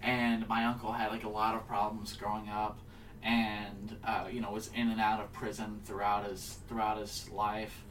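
A young man chatting casually as a podcast guest, telling stories haltingly with lots of fillers and restarts. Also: on the low side, completely flat delivery, fairly bright tone, recorded from a distance, a little hiss or hum, poor audio. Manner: rambling, halting storyteller with many fillers. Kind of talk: casual chat.

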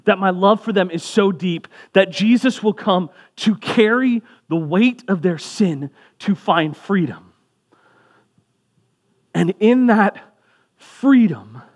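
A young man preaching a sermon as pastor, in a conversational way with casual asides. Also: high-pitched.

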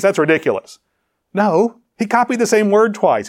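A male preacher speaks in a voice pitched a little high for a man, teaching in a lively, conversational way. He laughs often and challenges the congregation with rhetorical questions. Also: fairly quick. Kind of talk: sermon teaching.

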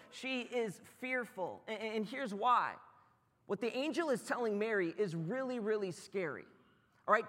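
A man in his thirties preaching a sermon, telling stories and acting out voices with lively energy. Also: on the high side. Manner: animated storyteller, acts out dialogue in raised voice. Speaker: pastor. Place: church auditorium. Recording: church hall with long reverb.

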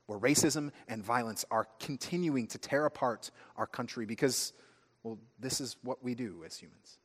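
A man preaching a sermon as pastor, telling stories with lively, acted-out asides. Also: medium pitch. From United States. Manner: animated storytelling, acting out friends' voices. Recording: long hall reverb.

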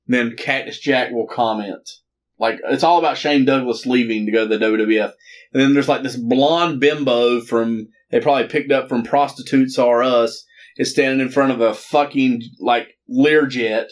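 A man's voice: medium pitch, fairly even intonation, moderate pace. A man co-hosting a casual podcast, ranting with heavy swearing and crude mockery. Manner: profane ranting with crude mocking impressions. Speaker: podcast co-host.

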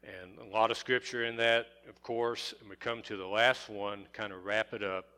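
A middle-aged man preaching a sermon, deliberate and repetitive, stressing single words and building to emphatic peaks. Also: on the low side, fairly even intonation, sharp tone. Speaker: pastor.

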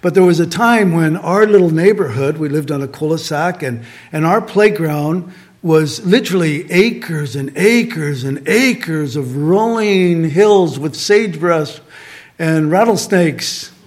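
A man's voice: a little high, unhurried. A man from Southern California preaching a sermon in a conversational way, returning to repeated refrains and asking rhetorical questions. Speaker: pastor.

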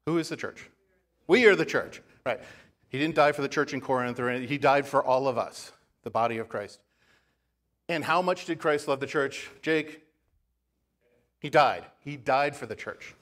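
A man pastor giving a sermon, telling a story in a relaxed, conversational way with asides to the congregation. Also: medium pitch, normal speed. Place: church.

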